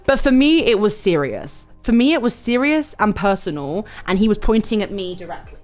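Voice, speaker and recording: A young woman streamer telling a long story in a casual, animated way, swearing and breaking into sudden high squeals. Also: normal speed, soft background music.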